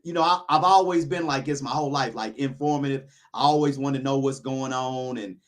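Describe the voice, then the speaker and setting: A man talking casually as a show host, voicing his opinions in a rambling way. He stops and restarts his sentences often, at a middling pitch. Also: brisk. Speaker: YouTuber, podcast host.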